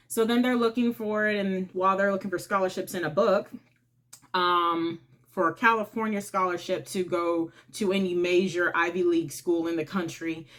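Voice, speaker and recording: A woman hosting her own channel, casually retelling a film's plot in a chatty, informal way. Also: on the low side. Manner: chatty, informal, retells scenes by acting out lines. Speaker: movie reviewer and channel host. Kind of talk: casual movie recap.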